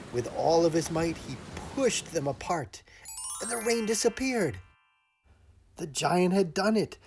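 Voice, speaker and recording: A male storyteller telling an interactive story to young children, animated and expressive, asking the children questions. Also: fairly high pitch, husky. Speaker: storyteller and illustrator.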